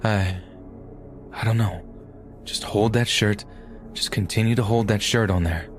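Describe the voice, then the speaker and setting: A man voicing a calm male emergency dispatcher who reassures an injured caller. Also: fairly low pitch, unhurried, faint music behind, close to an everyday voice. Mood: urgent, reassuring. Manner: steady, reassuring, urgent.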